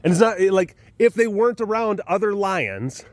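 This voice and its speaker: A man with a slightly higher voice, hosting a big cat webcast from outdoors. He talks in a loose, meandering way, trips over his own sentences and laughs as he goes. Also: expressive, normal speed, no room sound. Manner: chatty and meandering, many restarts, laughs often, now and then mimics animal sounds. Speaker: big cat sanctuary keeper and webcast host. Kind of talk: casual rambling talk to camera. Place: outdoors at a wild animal facility.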